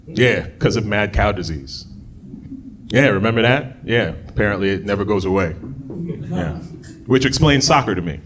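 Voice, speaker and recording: A man performing a stand-up comedy set, talking conversationally and jumping into loud shouted bits when he acts out voices. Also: fairly low pitch, lively intonation, normal speed, pauses often, noisy background.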